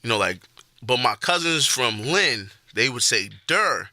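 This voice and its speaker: A young man from the Boston area, co-hosting a podcast, arguing his point in a casual, slangy and animated way. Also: medium pitch, unhurried, no room sound. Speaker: podcast co-host. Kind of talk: casual debate chat.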